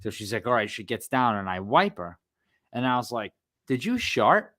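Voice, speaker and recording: A man's voice: on the low side, brisk. A man in his thirties, podcast co-host, telling a funny family story in casual chat and acting out the voices. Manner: animated storyteller, acts out quotes.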